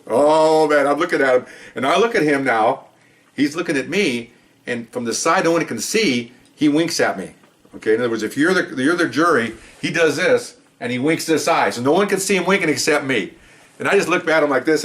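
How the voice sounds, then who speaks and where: An older man in his sixties tells a courtroom story in a relaxed, conversational way. He jokes and chuckles throughout, with the easy manner of a retired cop. His voice sits at a medium pitch for a man. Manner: jokey, animated, chuckling storyteller. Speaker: retired police officer storyteller. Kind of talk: casual anecdote telling.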